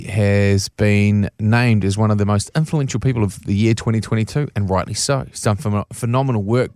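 Kiwi podcast co-host, dry close mic. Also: male voice, medium pitch, a little mellow, no room sound. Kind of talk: casual chat.

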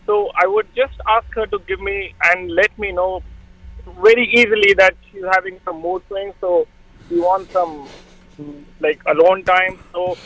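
Male caller, high bright tense voice, hesitant delivery. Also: steady tone, measured pace, no room sound, low-quality recording. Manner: hesitant, many "uh"s. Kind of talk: call-in phone chat.

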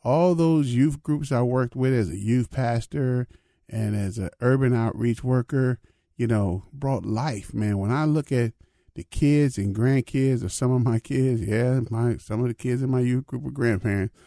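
A man's voice: mid-range voice, measured pace, mellow, dry recording, studio quality. An older man, a pastor, giving an informal spiritual reflection in a conversational way, often asking "you know what I mean".

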